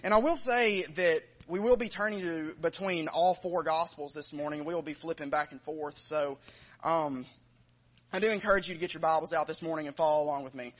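A man's voice: a little high, a little fast, fairly bright tone. A man preaching a sermon, reading scripture aloud with rising emphasis and then speaking plainly to his congregation.

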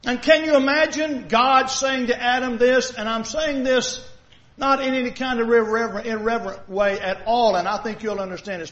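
On a dull lo-fi recording, a man preaches a sermon as pastor, his voice very high-pitched with a fairly bright tone. His intonation stays fairly even and he moves a little fast. He speaks conversationally, asking the congregation lots of rhetorical questions.

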